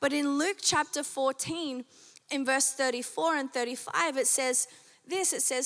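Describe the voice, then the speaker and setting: A woman pastor gives an unhurried, conversational sermon in a church auditorium's large hall, asking the congregation questions and using many fillers. Her high voice is steady and a bit bright, though slightly strained.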